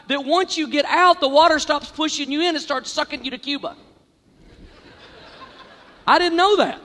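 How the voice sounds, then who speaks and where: A man with a very high voice tells a story on stage, animated and exaggerated, swinging from loud bursts to quiet asides. His voice rings out with a long reverb through a large hall. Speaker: comedian. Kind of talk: stand-up storytelling.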